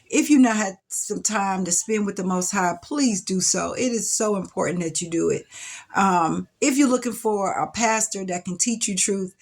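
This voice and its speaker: A middle-aged woman speaks straight to camera. She recounts her past in a reflective, emotional way, with sighs and restarts. Her voice sits at a typical pitch for a woman. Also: moderate pace. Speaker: vlogger telling her life story. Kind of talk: personal storytelling to camera. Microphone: camera mic.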